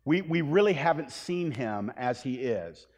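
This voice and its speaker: A male pastor delivering a sermon in a church, rising to loud, emphatic proclamation when he reads scripture. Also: medium pitch, animated, unhurried. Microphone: handheld or stage mic. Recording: long hall reverb.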